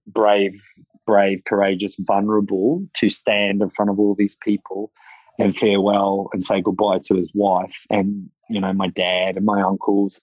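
A man, a guest in an interview, telling a personal story in a halting, emotional way with many restarts. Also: fairly low pitch, no room sound, lo-fi sound.

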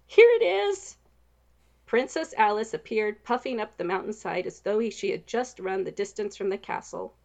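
A woman reading a storybook aloud, expressive and steady. Her mid-pitched voice carries a noticeable gravelly fry. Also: moderate pace, hardly any pauses. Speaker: narrator.

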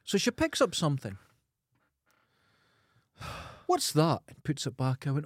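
A middle-aged man with a Scottish accent, co-hosting a podcast and telling animated stories, acting out voices and swearing freely. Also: a little high, measured pace, long pauses, no room sound, studio quality. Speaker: podcast co-host. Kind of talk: casual chat.

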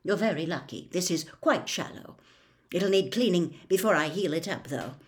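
A woman's voice: fairly low pitch, expressive, normal speed, a little hiss or hum, lightly acted. A woman voicing a fussy school nurse who scolds as she bustles about. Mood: scolding.

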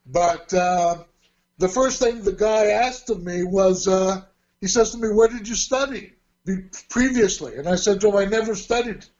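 A man's voice: sits high, normal speed, darkish tone, dull audio. A man in his sixties, an interview guest, telling long rambling stories with frequent chuckles and self-corrections. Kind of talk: casual storytelling.

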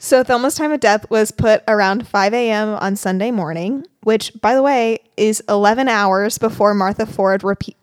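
A woman's voice: mid-range voice, normal speed, few pauses, dry recording, studio quality. A young woman co-hosting a podcast, telling a true crime story in a casual, chatty way with lots of fillers and giggles. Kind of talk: casual chat.

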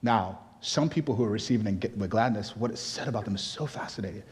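A man's voice: fairly low pitch, fast. A man from Nigeria preaching a sermon as pastor, conversational at times and rising into emphatic exhortation. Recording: long reverb of a large hall.

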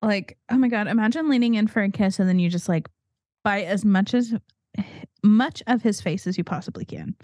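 Woman, co-host, chatty movie recap, mellow tone, dry close recording. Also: medium pitch, normal speed, no room sound. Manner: chatty, animated retelling, swears freely. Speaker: podcast co-host. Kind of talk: casual movie recap chat.

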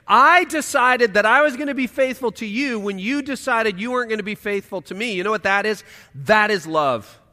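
A pastor preaching a sermon, swinging between loud emphatic lines and hushed quiet asides, in a church auditorium. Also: male voice, high-pitched, big-room sound.

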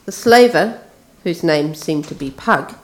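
A woman preaching a sermon in a relaxed, conversational way, retelling a story. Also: deep voice, a little slow.

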